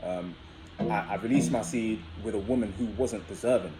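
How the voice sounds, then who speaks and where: A man's voice: fairly low pitch, normal speed, rough recording. A young man vlogging, telling a personal story in a chatty, casual way and often addressing viewers as guys.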